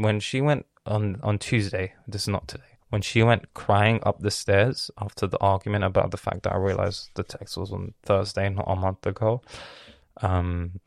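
A young man hosting a podcast, telling a story in an animated, sweary, self-mocking way. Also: lowish voice, normal speed, gravelly, no room sound, clean studio sound. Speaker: podcast host. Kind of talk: casual storytelling monologue.

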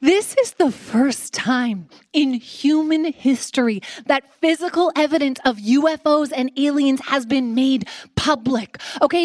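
Brash Canadian comic host, high-pitched, dry and close, playing a live crowd. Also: female voice, dry recording. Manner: brash, sarcastic, playful. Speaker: podcast host. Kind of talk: live comedy podcast monologue. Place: stage before a live audience.

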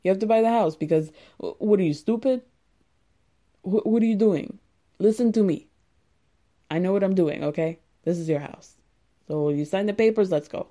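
A woman's voice: mid-range voice, normal speed, pauses often, dark tone, lightly acted. A woman putting on a pushy, rude male salesman who talks down to his buyer.

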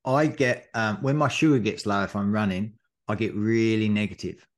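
Lively man telling a race story. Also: on the low side, normal speed. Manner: animated storyteller, acts out shouts and quotes. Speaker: podcast co-host, marathon runner. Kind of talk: casual chat recounting a race.

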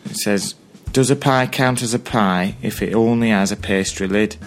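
Chatty, low-voiced male podcast co-host. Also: moderate pace. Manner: jokey, laughs often. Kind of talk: casual chat.

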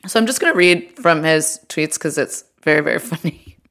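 Woman cohost, lowish voice, chatty, keeps restarting her sentences. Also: expressive, fairly bright tone. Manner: chatty, halting, lots of fillers and restarts. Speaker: podcast co-host. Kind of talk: casual chat.

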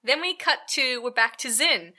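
Woman co-host, chatty recap, bright and a touch high. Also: normal speed. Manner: chatty, swears freely, acts out characters' lines. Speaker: podcast co-host recapping a film. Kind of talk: casual chat.

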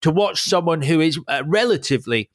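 A man's voice: on the high side, lively intonation, fairly quick. A man hosting an interview, asking questions with stammering restarts. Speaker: podcast host. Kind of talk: casual interview chat.

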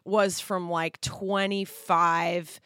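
A woman's voice: lowish voice, little pitch movement, extremely slow, bright, forceful tone, clean tone, no echo. A woman co-hosting a podcast, chatting casually and joking about herself. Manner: joking, self-deprecating. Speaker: podcast co-host. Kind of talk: casual chat.

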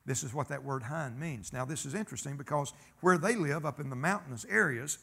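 A man's voice: a little high, brisk, vocal fry, fairly bright tone, husky. A man preaching a sermon, folksy and emphatic, telling stories and calling for amens. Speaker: pastor.

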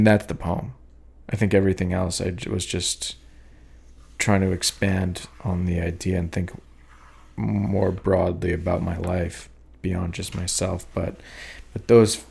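A young man with a daughter, hosting a podcast and talking over his own poems in a halting, reflective way, with many fillers and restarts. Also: sits low, little pitch movement, creaky, a little mellow, breathy edge. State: sleepy, yawning. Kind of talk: rambling reflective talk.

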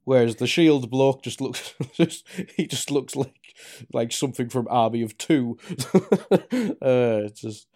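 A man jokes his way through casual podcast banter, often laughing as he talks. His voice is mellow and warm. It sits at an ordinary middle pitch. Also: measured pace. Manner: jokey, laughs while talking. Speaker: podcast co-host.

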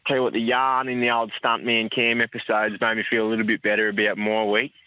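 A low-voiced man leaves an easygoing message for a podcast. The line is dull and dry. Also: completely flat delivery, fast talker, no echo. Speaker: caller. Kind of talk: phoned-in voice message.

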